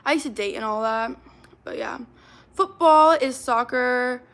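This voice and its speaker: A young woman livestreaming, chatting fast and reading out comments from her chat. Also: high voice, fairly bright tone. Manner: chatty, hyper, reacts to comments, fillers of like.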